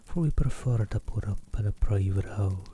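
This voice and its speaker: Male ASMR reader, whispered reading from close up, very dark mellow tone, faint hiss behind. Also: lowish voice, normal speed. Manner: soft unvoiced whisper, reading a travel book aloud; self-deprecating asides between passages. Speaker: ASMR streamer.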